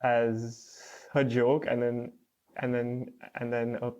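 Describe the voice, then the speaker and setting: A man's voice: medium pitch, monotone, slow pace, mellow, lo-fi sound. A young man in his twenties, a guest on a podcast, who stutters with repeated words and many "uh" fillers. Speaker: guest, doctoral student. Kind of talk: casual conversational interview.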